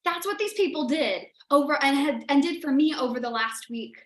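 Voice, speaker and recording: High-pitched lady doing a motivational livestream, emphatic and emotional, talks right to the viewers, roomy echo. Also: normal speed, few pauses. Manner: emphatic, repetitive and emotional, addressing viewers directly. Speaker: business mentor hosting a livestream.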